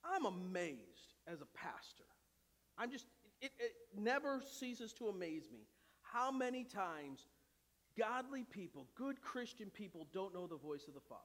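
A male pastor with a high voice preaches a sermon in a church sanctuary, the recording carrying the long reverb of the hall. Unhurried, with big pitch swings, his impassioned delivery shifts from loud to hushed.

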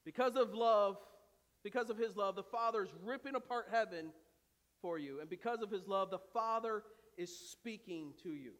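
A man preaching a sermon as pastor, impassioned, moving between loud urgent pleas and quiet, conversational asides. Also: sits high, normal speed. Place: church sanctuary. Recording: long reverb of a church hall.

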